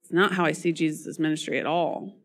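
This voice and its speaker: A woman's voice: low voice, fairly even intonation, brisk. A woman preaching a sermon while losing her voice; she talks earnestly, coughing and laughing between phrases.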